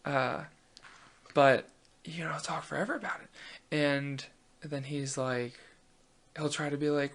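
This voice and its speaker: Gravelly-voiced young man rambling casually. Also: medium pitch, moderate pace, pauses often. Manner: chatty, many fillers and restarts, animated storytelling. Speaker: host.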